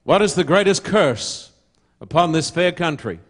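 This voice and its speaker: A man's voice: on the high side, lively intonation, measured pace. An older man preaching a sermon to an audience, emphatic and full of rhetorical questions.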